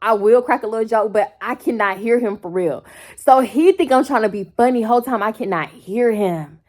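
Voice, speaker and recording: A young woman in her twenties tells a story casually to a phone camera at home, full of slang and squealing up into quoted voices. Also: moderate pace. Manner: animated, slangy, jumps into quoted voices with sudden high squeals. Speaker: storytime vlogger. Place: bedroom at home. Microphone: phone held close.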